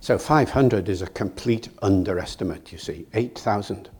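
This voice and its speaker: An older man from Britain giving a public lecture in a lively, self-mocking way, telling anecdotes and chuckling at his own jokes. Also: on the low side, normal speed, husky. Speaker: guest lecturer. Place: lecture hall.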